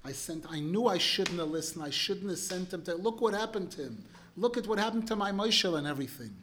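A man's voice: sits high, expressive, fairly quick, a bit bright, a little hiss or hum. A man voicing a heartbroken father who laments in tears, in a sermon story. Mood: grieving. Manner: pleading, sorrowful lament.

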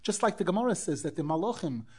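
A man teaching a Torah class as a rabbi, animated, acting out quoted dialogue and weaving in Hebrew phrases. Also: high voice, fast, slightly rough. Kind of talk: Torah lecture.

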